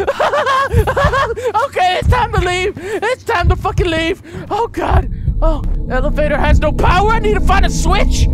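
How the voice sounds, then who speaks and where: A man hosting a gaming video, giving panicky, melodramatic horror game commentary full of screams. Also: high-pitched. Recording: loud background music.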